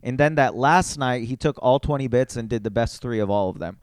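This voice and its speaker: A man in casual podcast chat tells an animated story, peppering it with "like". His voice is smooth and resonant, at a middle pitch, recorded dry and close. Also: a little fast, dry recording. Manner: animated storyteller, heavy use of "like". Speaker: comedian.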